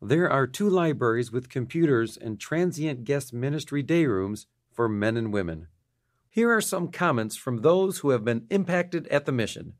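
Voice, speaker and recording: A man formally reads an update for donors in a measured, even tone. His voice sits at a middle pitch. The recording is dry and close. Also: no echo. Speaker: mission president. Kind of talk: read donor appeal.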